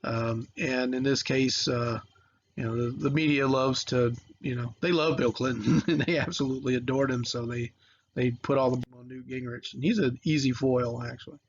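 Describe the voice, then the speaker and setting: A man's voice: mid-range voice, steady tone, normal speed, muffled recording, a little hiss or hum. A man teaching a recorded history video lesson in a casual, rambling way with lots of fillers and restarts.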